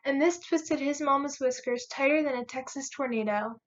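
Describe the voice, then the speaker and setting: A teenage girl in her late teens reading a children's picture book aloud with a lively, rhythmic delivery. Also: sits high, normal speed, hardly any pauses. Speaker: volunteer reader. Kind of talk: children's storybook read-aloud. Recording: muffled lo-fi recording.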